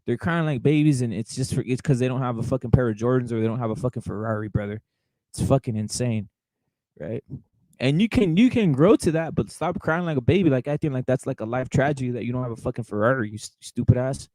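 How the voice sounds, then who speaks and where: A man's voice: medium pitch, expressive, quick pace, darkish tone, no room sound, poor audio. A man hosting a boxing show, ranting casually with a lot of swearing and repetition. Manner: profane, heated, repetitive, keeps saying "brother". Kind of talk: casual livestream rant.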